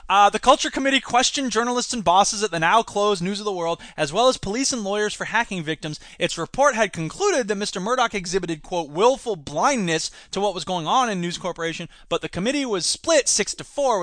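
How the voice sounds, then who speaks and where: A man's voice: high voice, fairly bright tone, no echo, clean studio sound. A man hosting a solo podcast, ranting sarcastically about the news. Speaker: podcast host.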